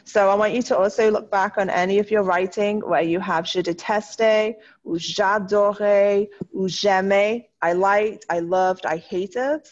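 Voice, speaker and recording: A woman runs an online French class, upbeat and encouraging, and slows down to sound out each French word. Her voice sits at a middle pitch and comes through slightly dull video-call audio. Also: fairly even intonation. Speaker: French teacher. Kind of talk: online class, correcting student writing.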